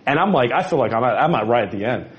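A man, a guest, speaking earnestly in casual conversation, halting and repeating words. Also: medium pitch, expressive, highs cut off.

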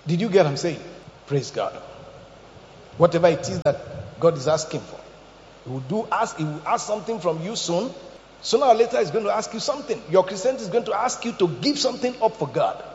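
A man preaching a sermon as pastor, animated, acting out quotes and jokes. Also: high-pitched, a little hiss or hum. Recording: echoey hall, dull lo-fi sound.

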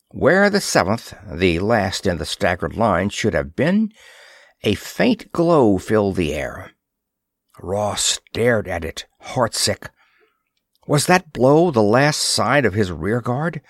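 A man reading a pulp science fiction story aloud with expressive, dramatic storytelling. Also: on the low side, no room sound, clean studio sound. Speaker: audiobook narrator. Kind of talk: scripted narration of a pulp sci-fi story.

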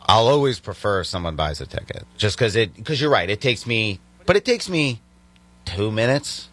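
Low-voiced young comedian, chatty and animated. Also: male voice, normal speed, no echo. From Virginia. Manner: animated storytelling with many restarts. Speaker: stand-up comedian guest. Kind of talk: casual chat.

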